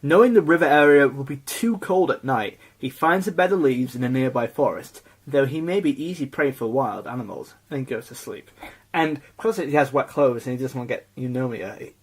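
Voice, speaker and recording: A man's voice: medium pitch, fairly quick, husky. A man co-hosting a casual podcast, rambling with many "like"s and restarts. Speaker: podcast co-host. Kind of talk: casual chat.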